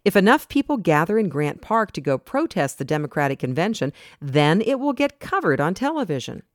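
A reader voicing an idealistic teenage girl in a storybook, talking earnestly and forcefully about protesting. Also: medium pitch, big pitch swings, a little fast, no echo, studio quality, voice pushed up, close to an everyday voice. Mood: insistent. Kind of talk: storybook narration.

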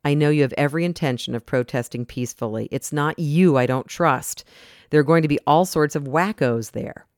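A reader voicing a serious, protective middle-aged father in a storybook, speaking in a measured way. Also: medium pitch, dry recording, studio quality, lightly acted. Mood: grave. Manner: measured, grave. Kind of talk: storybook narration.

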